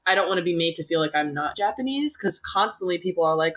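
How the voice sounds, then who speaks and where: A woman with a somewhat low voice talks casually as a podcast guest. She tells personal stories earnestly, often slipping into quoted lines from other people. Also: brisk, few pauses. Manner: earnest, storytelling, quoting others. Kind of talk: casual interview conversation.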